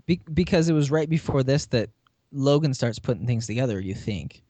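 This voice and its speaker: A man's voice: mid-range voice, expressive, brisk, warm tone, dry recording. A man co-hosting a podcast, chatty and full of "you know", retelling a TV episode with laughs. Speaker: podcast co-host. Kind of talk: casual chat recapping a TV episode.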